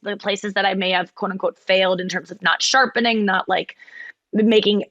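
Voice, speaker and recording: A woman's voice: mid-range voice, fairly bright tone, dry recording. Woman podcast host chatting casually, rambly and frank, dry close sound. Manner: candid, rambling, many fillers and restarts. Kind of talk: casual chat.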